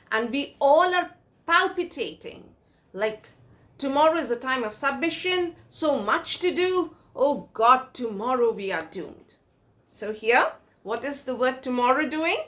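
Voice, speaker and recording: Lively high-voiced woman teaching grammar. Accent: Indian English. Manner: questions and answers herself, dramatic examples. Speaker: English teacher. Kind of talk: grammar lesson.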